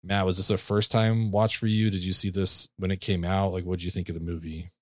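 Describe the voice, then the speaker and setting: A man's voice: low-pitched, flat delivery, fairly quick, a bit bright, dry recording, studio quality. A man hosting a casual movie podcast, enthusiastic and loose, laughing often and full of fillers. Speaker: podcast host.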